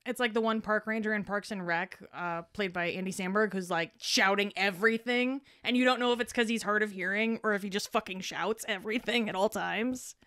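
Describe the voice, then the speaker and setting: A woman's voice: mid-range voice, fairly quick, few pauses, fairly bright tone, no room sound, clean studio sound. A young adult woman co-hosting a podcast in casual chat, chiming in with agreement and swearing freely. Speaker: podcast co-host.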